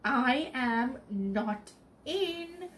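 A fretful, exasperated male mouse newspaper editor from a children's storybook, forever at the end of his rope, read aloud by a woman. The voice is fairly high, and the pitch swings widely. The lines come out slowly. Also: sing-song, reverberant, a little hiss or hum. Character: fussy, easily flustered male mouse editor.

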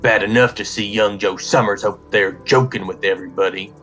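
A man's voice: fairly low pitch, fairly even intonation, a little fast, a bit bright, soft background music, close to an everyday voice. A man voicing a stubborn old village man who grumbles scornfully about young people and tradition. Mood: grumbling. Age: older. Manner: petulant, stout, scornful.

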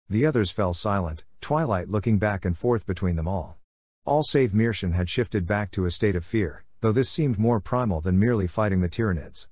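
A man narrating a fan-fiction story aloud in a steady, even storytelling delivery. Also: on the low side, normal speed, breathy edge, no echo, studio quality. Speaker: audiobook narrator.

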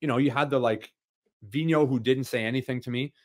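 A man's voice: medium pitch, steady tone, fairly quick, no room sound, studio quality. A man as a podcast guest, telling stories in casual chat with frequent restarts and fillers. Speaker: podcast guest, former hockey player.

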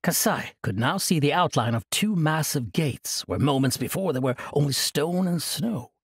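A man narrating a fantasy audiobook in an expressive storytelling manner. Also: fairly high pitch, moderate pace, slightly rough, no room sound, clean studio sound.

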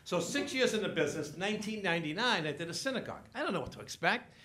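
An older man performing a stand-up comedy set, telling stories and acting out each person's lines in quick back-and-forth. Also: high voice. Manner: animated storytelling, acts out family members in quick back-and-forth. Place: comedy stage.

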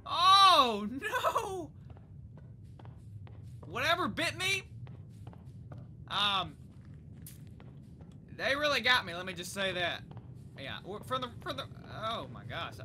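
A young woman gaming YouTuber giving excitable, chatty let's play commentary. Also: on the high side, takes it slowly, pauses often, faint music behind. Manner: excitable, chatty, reacts out loud.

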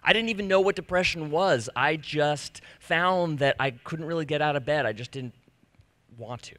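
A man in his thirties telling a personal story to a live audience, animated and self-deprecating, acting out the conversations he recounts. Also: on the high side, moderate pace, no room sound. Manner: animated, self-deprecating, acts out quoted exchanges. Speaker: speaker giving a personal talk. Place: stage before an audience.

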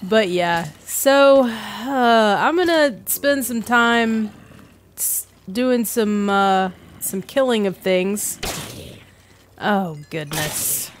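A woman's voice: a little high, extremely slow, slight background noise. A woman hosting a gaming let's play, chatting casually and self-deprecatingly as she plays, laughing often. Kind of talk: casual gameplay commentary.

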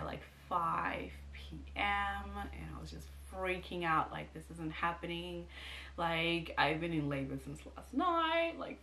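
A woman's voice: sits low, pushed and bright, a little hiss or hum. A young woman and new mother chatting to camera, telling a personal story with lots of fillers and acted-out quotes.

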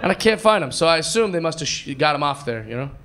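A man performing live stand-up, telling a story in an excitable way and acting out other people's voices. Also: on the high side, quick pace, background noise. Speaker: stand-up comedian. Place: comedy club stage before a live audience. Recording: live club recording with crowd laughter.

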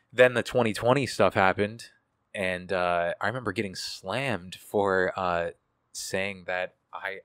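A man's voice: low voice, a bit bright, dry recording, studio quality. A young man telling a story as an interview guest, casual and profane, with many fillers. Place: indoor room.

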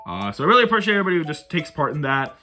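A man's voice: a little high, very animated, racing, bright, forceful tone, faint music behind. A young man giving goofy, rambling commentary while playing a life sim game on his own channel. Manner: goofy, rambling, self-mocking. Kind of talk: casual gameplay commentary.

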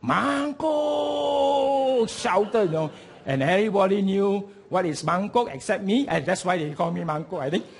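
A middle-aged man preaching a sermon, telling stories with lively swings between soft asides and loud, emphatic peaks. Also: high-pitched, a little fast. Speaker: pastor.

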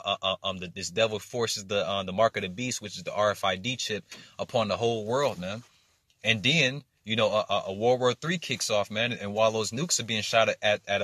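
Dude preaching scripture, bright husky voice, dry sound, keeps saying "man" and "you see". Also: on the low side, no echo. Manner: repeats man and you see after nearly every phrase; stumbles with many uh and repeated words. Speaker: street preacher. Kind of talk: informal scripture teaching.

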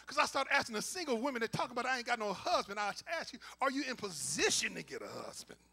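A male pastor preaching a call-and-response sermon, swinging from quiet asides to shouting and talking to the congregation informally. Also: very high voice, very animated, fast, creaky, slightly rough. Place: church.

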